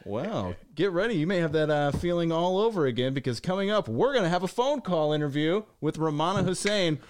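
A man with a fairly high voice that moves a lot in pitch, co-hosting and producing a talk show. He teases the host dryly and reads out the show's announcements in a casual way. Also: lively intonation, a little fast, darkish tone, slight background noise.

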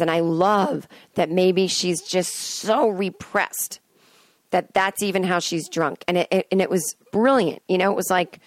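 A woman's voice: fairly low pitch, dry recording. A woman hosting a podcast, talking in a chatty, digressive solo monologue and breaking into sung snippets and acted-out voices. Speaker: podcast host. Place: in bed at home.

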